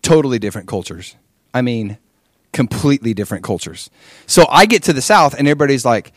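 Animated man telling his testimony. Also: mid-range voice, fast talker, dry recording, clean studio sound. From Hawaii. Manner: animated storytelling with rhetorical questions. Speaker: preacher sharing his testimony. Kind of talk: testimony sermon.

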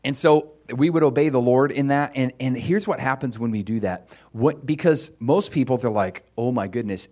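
A male pastor preaching in a casual, storytelling manner. His pitch moves widely as he speaks. He talks to the congregation in a relaxed, conversational way. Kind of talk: sermon.

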